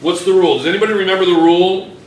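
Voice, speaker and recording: A man's voice: high-pitched, racing, distant mic. A male chemistry teacher lecturing a class, repeating questions and calling on students by name. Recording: echoey classroom.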